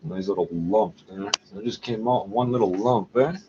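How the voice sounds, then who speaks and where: A man's voice: on the low side, normal speed, warm tone, highs cut off, slight background noise. A man rambling profanely to camera in a casual monologue, muttering asides and tagging lines with "eh?". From Canada. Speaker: vlogger.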